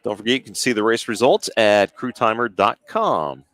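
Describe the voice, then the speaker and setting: A man's voice: on the low side, fairly bright tone. Easygoing man calling a rowing race. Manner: easygoing, agreeable, fills with quick asides. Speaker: play-by-play commentator. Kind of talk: sports broadcast commentary.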